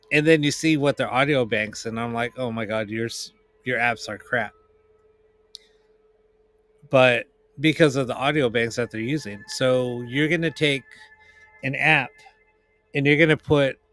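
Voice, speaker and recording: A man's voice: medium pitch, a bit bright. A man explaining paranormal audio apps on a live stream, rambling with many restarts and fillers. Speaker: paranormal investigator. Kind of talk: casual live-stream chat.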